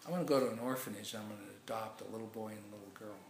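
A man's voice: fairly low pitch, rapid-fire, gravelly, slight background noise. A man voicing a rich, righteous king disguised as a peasant in a story, plain and kindly. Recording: echoey room.

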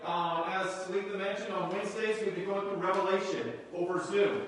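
A man's voice: high voice, normal speed, recorded from a distance, slight background noise. Man preaching in an echoey hall. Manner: excited, rising to shouts. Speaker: pastor. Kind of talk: sermon. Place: church sanctuary.

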